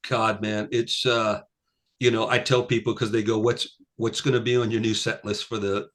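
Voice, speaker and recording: A man in his sixties chatting as a guest musician on a casual interview, rambling with many fillers and acting out the people he quotes. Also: normal speed. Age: 60s. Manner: rambling, full of "you know" fillers; acts out quoted people with lively pitch jumps.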